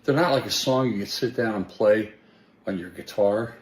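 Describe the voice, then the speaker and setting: A man's voice: on the low side, normal speed. An older man talking into his phone on a livestream, rambling and short of breath. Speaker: clip of a singer on a livestream. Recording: roomy clip with faint background noise.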